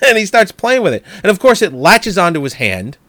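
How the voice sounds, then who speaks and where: A man's voice: sits high, big pitch swings, fairly quick, a bit bright, dry recording. A man in casual chat retelling film scenes in a laid-back way. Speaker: podcast co-host.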